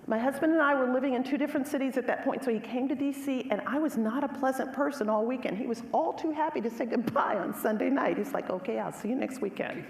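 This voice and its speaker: A middle-aged woman giving a lecture, telling a personal story in an animated, emphatic way and speaking directly to the audience. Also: a little high, a little hiss or hum. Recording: echoey hall with faint ambience.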